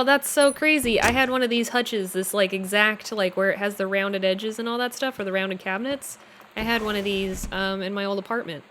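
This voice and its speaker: A woman's voice: mid-range voice, sharp tone, poor audio. A woman streaming a game, chatting casually, swearing and stumbling as she reads notes aloud. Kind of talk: casual gameplay commentary. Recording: live stream with faint room noise.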